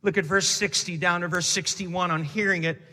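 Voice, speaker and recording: A man preaching a sermon to a church, reading scripture and building to shouted emphasis. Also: high voice, fairly even intonation, moderate pace. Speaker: pastor. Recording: long hall reverb.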